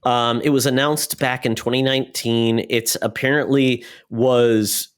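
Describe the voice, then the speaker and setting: Male podcast co-host, casual chat, relaxed and joking, mid-pitched voice. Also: unhurried, clear, resonant tone.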